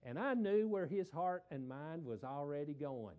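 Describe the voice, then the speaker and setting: A middle-aged man, a preacher telling a folksy story in a sermon, repeating words and swelling louder for emphasis. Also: on the high side, animated, moderate pace, narrow, tinny audio.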